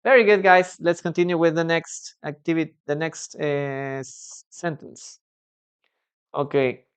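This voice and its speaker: Speaking at a medium pitch with a steady, resonant tone, this teacher talks a little slowly and clearly. During a live online English class, they read out what students wrote and correct it patiently, tagging a questioning "no?" onto the end of points.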